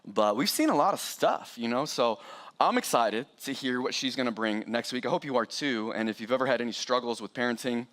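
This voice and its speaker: A middle-aged man preaching a sermon as pastor, animated and joking with the congregation. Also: mid-range voice, a little fast.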